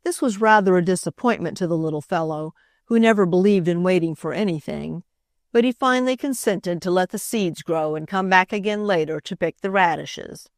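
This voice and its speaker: A woman's voice: on the low side, moderate pace, no room sound, clean studio sound. Woman narrating a children's classic. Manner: expressive reading, voices each character. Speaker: audiobook narrator. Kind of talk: scripted narration.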